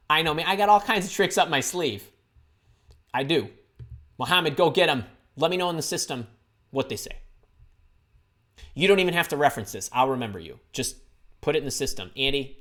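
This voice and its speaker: A man's voice: medium pitch, a bit bright. A man in his fifties hosts a live question-and-answer stream on careers. He talks with energy and ease, tossing in jokes and little asides between the questions he reads out. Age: 50s. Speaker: career advice host.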